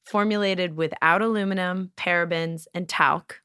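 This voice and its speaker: Playful woman podcast host, smooth voice. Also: lowish voice, steady tone, normal speed, sharp tone, dry recording, studio quality. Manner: playful, jokey, laughs often. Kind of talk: casual chat and host-read ad.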